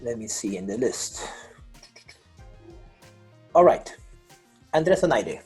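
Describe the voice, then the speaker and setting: A man's voice: mid-range voice, big pitch swings, takes it slowly, a little mellow, husky, soft background music, poor audio. A man teaching an online English grammar class over a video call, patient, repeating and rephrasing with many fillers.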